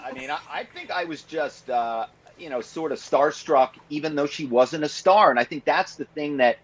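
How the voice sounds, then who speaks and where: A man's voice: fairly high pitch, normal speed. Man telling stories in dull lo-fi audio. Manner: animated storyteller, many fillers. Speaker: author and guest. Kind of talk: podcast interview.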